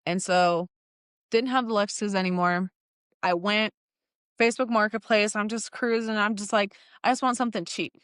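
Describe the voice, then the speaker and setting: Lively young woman telling a story. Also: mid-range voice, normal speed, clear, resonant tone, no echo, studio quality. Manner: animated, laughs often, acts out quoted lines. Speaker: guest telling her car story. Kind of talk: casual storytelling chat.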